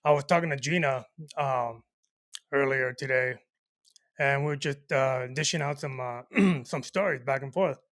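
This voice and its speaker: A man's voice: mid-range voice, moderate pace, fairly bright tone, no room sound, clean studio sound. A man co-hosting a comedy podcast, telling a rambling story and leaning on fillers. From El Paso, Texas, US. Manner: rambling, full of "you know" fillers. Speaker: podcast co-host.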